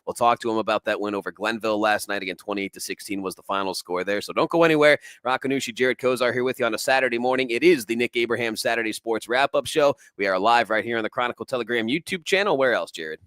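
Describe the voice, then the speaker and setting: A man hosting a local sports talk show, chatty and animated as he runs through scores. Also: medium pitch, clear, resonant tone, no room sound. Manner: chatty, animated, with quick laughs.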